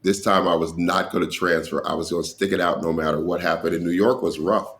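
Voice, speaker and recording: Deep gravelly-voiced man telling stories. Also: fast talker. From Colorado. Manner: animated storyteller who acts out other people's lines. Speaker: guest, stand-up comedian. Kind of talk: casual interview storytelling.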